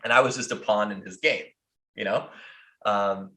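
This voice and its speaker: A man's voice: fairly low pitch, fairly even intonation, moderate pace, sharp tone. An American man telling a long story on a podcast in a casual, profane way, rambling with lots of fillers. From United States. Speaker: podcast host. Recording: roomy echo.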